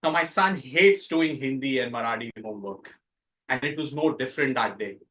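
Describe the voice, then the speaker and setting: A middle-aged man from India with an Indian English accent, giving a prepared contest speech with dramatic pauses and emphatic rises. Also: medium pitch, fairly bright tone, low-quality recording. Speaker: contest speaker. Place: club meeting room.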